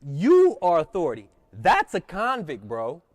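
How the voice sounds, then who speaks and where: Animated man with a lively voice. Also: sits high, a little slow, dry recording. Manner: animated, swearing, excitable. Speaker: podcast guest. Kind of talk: casual storytelling chat.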